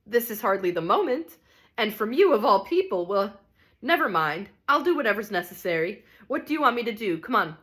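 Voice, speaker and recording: A woman's voice: big pitch swings, a little fast. A woman reading an audiobook, voicing a possessive, grieving mother's ghost who speaks sharply and snappishly. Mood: indignant. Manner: sharp, snappish, rising to shrill.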